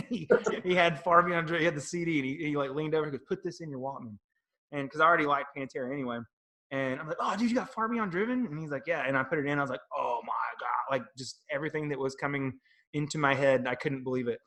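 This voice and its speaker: A middle-aged man co-hosting a music podcast, telling rambling, animated stories in casual chat. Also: a little high, fast. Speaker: podcast co-host.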